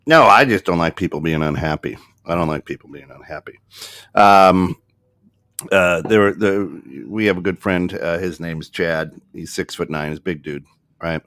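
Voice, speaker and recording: A deep-voiced man tells stories in a loose, halting way, full of fillers and restarts and breaking into laughter. The sound is dry and close, with no room around him. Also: a bit bright, no room sound. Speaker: podcast guest. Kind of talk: casual storytelling chat.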